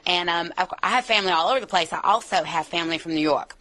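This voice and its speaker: An American actress in a casual interview, talking in an animated, playful way. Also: female voice, on the low side, quick pace, hardly any pauses. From United States. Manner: animated, playful, slips into accents.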